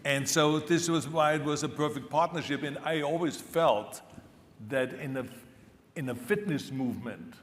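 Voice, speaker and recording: A man's voice: on the high side, moderate pace. A man in his seventies with an Austrian accent, speaking as a guest on a conference stage in a playful, self-mocking way. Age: 70s. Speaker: celebrity spokesperson guest. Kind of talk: joking onstage conversation. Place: large conference hall stage. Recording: echoey hall with faint crowd noise.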